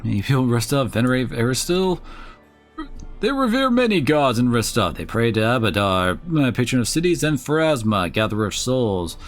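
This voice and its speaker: A man's voice: mid-range voice, very animated, brisk. A man playing a video game on stream, reading its text aloud with casual wry asides, over faint game music. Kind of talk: let's play commentary and reading.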